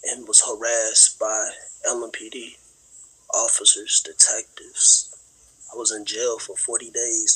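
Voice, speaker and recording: A young man speaking earnestly and slowly in an interview, emotional and close to tears, his voice at times dropping to a whisper. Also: medium pitch, sharp tone, poor audio. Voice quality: raspy. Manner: earnest, slow, sometimes whispery.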